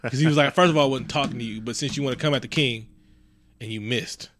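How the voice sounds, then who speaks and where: A man co-hosting a casual chat, animated and swearing, often jumping into high excited bursts. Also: fast talker, slight background noise. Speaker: podcast co-host.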